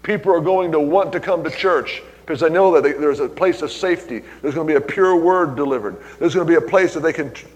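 A man's voice: on the high side, quick pace, few pauses, darkish tone, dull audio. Preaching man in an echoing hall. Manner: exclaims "hallelujah" and calls out to the congregation. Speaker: pastor. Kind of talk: preaching a sermon with personal stories. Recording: long reverb in a large hall.

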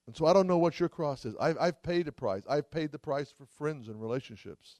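A man's voice: on the high side, fairly quick, darkish tone, no echo, clean studio sound. A man preaching a sermon at a church service, fervent, with frequent cries of hallelujah. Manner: fervent, exclaims hallelujah often. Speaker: traveling preacher.

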